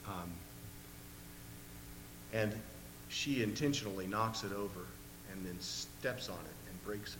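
A man preaching a sermon and retelling a story, in an earnest, measured way, often clearing his throat, recorded in a long-echoing hall with a faint hum. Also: on the low side.

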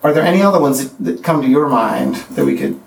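A man teaching a poetry class, speaking haltingly with restarts and counting out the beats of meters. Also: a little high, expressive, creaky, a little hiss or hum. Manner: halting, many restarts and fillers, counts out rhythms. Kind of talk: classroom lecture. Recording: echoey room from far off.

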